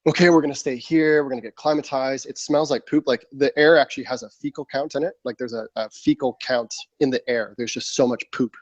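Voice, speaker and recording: Animated male storyteller, dry muffled mic. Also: medium pitch, fairly quick, few pauses, dry recording. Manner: animated storyteller, acts out quotes, frequent fillers. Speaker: podcast guest, military veteran. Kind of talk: casual interview storytelling.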